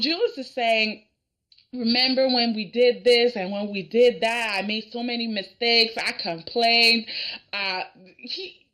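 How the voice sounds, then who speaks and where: Chatty high-voiced woman recapping a drama. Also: pushed and bright. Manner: chatty, acts out characters' lines, laughs often. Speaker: reaction video host.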